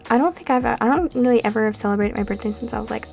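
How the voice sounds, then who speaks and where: A woman's voice: fairly high pitch, rapid-fire, vocal fry, darkish tone. A nineteen-year-old woman from Canada, chatting in a rambling, tired way while narrating a game build at home. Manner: rambling and chatty, with frequent fillers. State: tired and a bit out of breath. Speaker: Sims builder and YouTuber. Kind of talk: casual chat over a speed build. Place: home room during a storm. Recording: background music.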